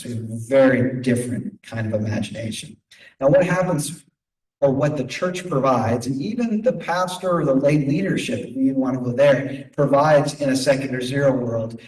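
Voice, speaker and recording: A middle-aged man lectures in a relaxed, joking storytelling way, with a voice of middling pitch. He sounds far from the microphone, and the room around him is roomy and echoing. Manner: conversational, humorous storytelling. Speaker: guest lecturer. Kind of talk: lecture with personal stories. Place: lecture room, streamed on video call. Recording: echoey room from a distance.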